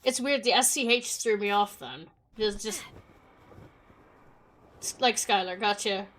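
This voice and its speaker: A woman's voice: mid-range voice, unhurried, a bit bright, slight background noise. Chatty Canadian woman with British-tinged accent. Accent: Canadian mixed with British. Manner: chatty, rambling, laughs often. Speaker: streamer. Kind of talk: casual gameplay chat with viewers.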